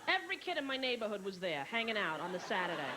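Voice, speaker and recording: A woman's voice: mid-range voice, very animated, fast, crowd noise. A woman in her thirties doing a stand-up comedy routine before a live audience, brashly telling family stories and acting out her relatives. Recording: noisy VHS tape, loud audience laughter. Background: audience laughter.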